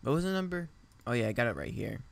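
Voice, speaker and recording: A man's voice: mid-range voice, very animated, fast talker, gravelly. A man streaming a game and chatting casually with a friend, joking and chuckling as he goes.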